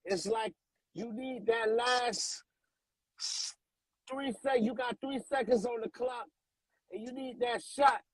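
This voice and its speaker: A man's voice: extremely high pitch, fairly even intonation, slow pace, pauses often, no echo, rough recording. A man, a guest artist on a radio show, talking in a laid-back, slangy way and often repeating himself. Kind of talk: casual radio interview chat.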